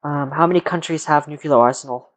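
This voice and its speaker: This tired young man speaks fast at a fairly high pitch while streaming live from his computer. Yawning, he rambles to himself and mutters casual answers to questions from chat.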